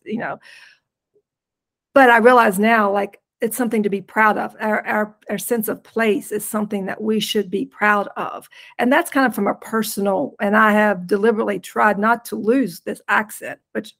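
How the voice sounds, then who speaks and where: Gravelly-voiced woman with a West Virginia accent. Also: medium pitch, steady tone, normal speed, fairly bright tone. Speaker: podcast guest, rural nonprofit leader. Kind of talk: casual interview chat.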